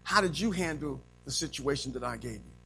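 A man voicing God, quiet and low. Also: animated, soft background music. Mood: probing. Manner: quiet, measured questioning. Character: God questioning a soul, calm and low.

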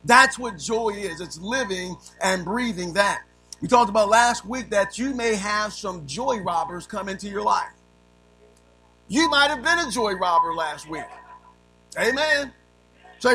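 A middle-aged male preacher delivering a sermon, dropping to soft low asides and rising to shouted peaks, with rhythmic lists and a steady "amen" between phrases. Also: music in the background, low-quality recording. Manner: punctuates phrases with repeated "amen"; rhythmic lists, drawn-out emphasis.

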